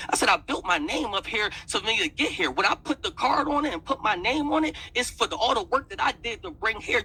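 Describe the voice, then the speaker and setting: High bright husky man. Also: poor audio. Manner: repeats "I said" while retelling an argument. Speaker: battle rap league owner. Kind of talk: heated storytelling in an interview.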